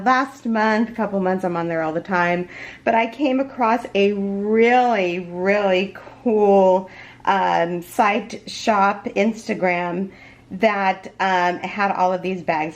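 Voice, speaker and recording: Woman vlogger, casual unboxing chat at home; gushing, excited, unhurried, full of fillers. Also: mid-range voice. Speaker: crochet vlogger.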